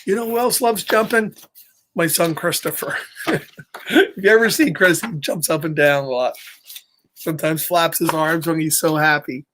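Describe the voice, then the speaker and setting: A man's voice: on the high side, normal speed, pauses often, fairly bright tone. A middle-aged man reading a picture book aloud to children, chatty and upbeat, laughing often and greeting viewers by name. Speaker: storybook reader for children. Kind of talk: read-aloud story time with live chat.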